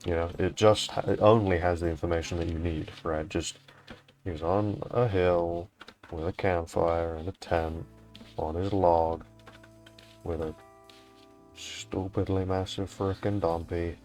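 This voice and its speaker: A man's voice: low voice, steady tone, measured pace, a little mellow, soft background music. A young man hosting a fan art showcase in casual, rambling commentary, swearing now and then. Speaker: showcase host.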